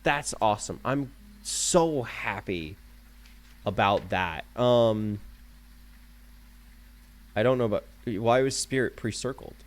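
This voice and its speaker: A man streaming a horror game live, talking to himself with jokey, animated commentary while keyboard clicks sound behind him. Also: lowish voice, measured pace, pauses often.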